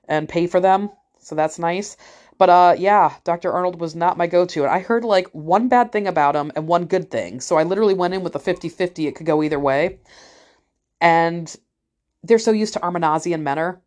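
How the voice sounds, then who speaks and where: A woman's voice: fairly low pitch, a little mellow. Blunt, profane woman telling a story. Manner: blunt, profane, acts out other people's voices. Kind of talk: casual storytelling vlog.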